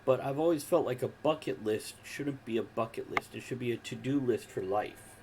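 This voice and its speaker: A man in his forties hosting a casual podcast chat from home, relaxed and talkative, cracking jokes as he goes. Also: mid-range voice, moderate pace, slight background noise. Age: 40s. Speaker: podcast host.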